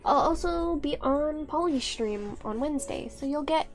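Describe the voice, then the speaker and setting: A woman streaming a game and chatting with her viewers, speaking softly and rambling. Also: high-pitched, animated, normal speed, faint music behind. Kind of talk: casual live-stream chat.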